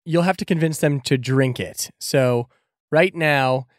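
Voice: medium pitch, a little slow, dry recording, clean studio sound. A game master narrating a tabletop game in a casual, chatty way, with frequent fillers.

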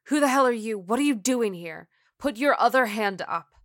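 A frightened but tough young policewoman, played by a woman narrator in a horror audiobook, snapping out demands. Her voice is bright and cutting, close and dry. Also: on the high side, very animated, normal speed, dry recording, pitched above the performer's own voice, heavily acted. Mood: tense. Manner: sharp, demanding and fearful. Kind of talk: audiobook character voice.

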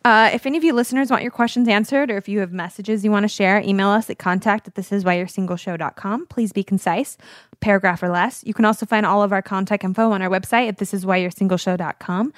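A woman's voice: mid-range voice, steady tone, fast, no echo, clean studio sound. A woman co-hosting a casual dating podcast, talking in a chatty way full of "like". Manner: chatty, lots of "like". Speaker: podcast co-host.

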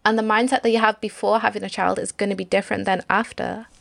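A woman co-hosting a podcast, talking calmly and weighing both sides. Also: mid-range voice, quick pace, creaky. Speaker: podcast co-host. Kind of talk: casual chat.

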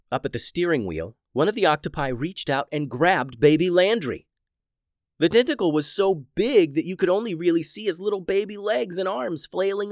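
Male storyteller for kids, very lively pitch, dry close sound. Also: no room sound. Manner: animated, dramatic storytelling. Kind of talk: scripted children's story narration.

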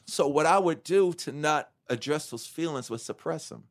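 A middle-aged man speaks candidly in an interview, his voice sitting a little higher than most men's. He tells his story with energy, swears freely, and slips into the voices of the people he quotes. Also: normal speed. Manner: animated, swearing, acts out quotes. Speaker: guest.

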